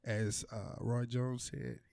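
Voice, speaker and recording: A man's voice: mid-range voice, little pitch movement, slow pace, gravelly, darkish tone, dry recording, studio quality. A man co-hosting a podcast, easygoing and slangy, laughing often. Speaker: podcast co-host. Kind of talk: casual chat. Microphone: podcast mic in a small studio shed.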